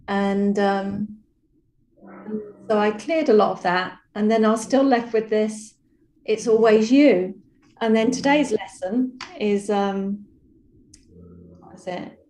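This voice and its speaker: Woman, mid-pitched, calm reflective storyteller, roomy video-call sound. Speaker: program participant sharing a story. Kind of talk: casual personal sharing on a video call. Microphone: video call microphone.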